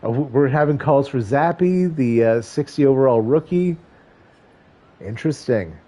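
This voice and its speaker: Male streamer, mid-range mellow voice, wry play-by-play over a football video game. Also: mid-range voice, animated, moderate pace. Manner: wry, joking asides between stat rundowns.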